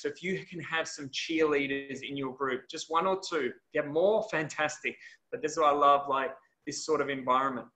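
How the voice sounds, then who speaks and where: A man's voice: a little high, fairly bright tone, roomy sound. A man, a health and wellness coach, giving an earnest, conversational coaching talk over a video call.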